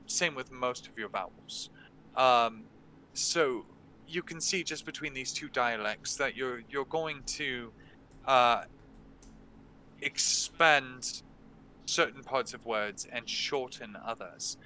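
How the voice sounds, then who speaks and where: A man running a game workshop, explaining slowly and casually with many ums and restarts. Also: mid-range voice, bright, forceful tone, slight background noise, poor audio. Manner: halting, many fillers and restarts. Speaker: game master teaching a workshop. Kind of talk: casual instructional talk. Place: online stream.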